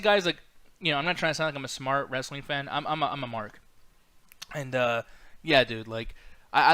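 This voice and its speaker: A man's voice: medium pitch, pushed and bright, no room sound. A man in his thirties hosting a live-stream chat, talking loosely and profanely with lots of fillers. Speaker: podcast host.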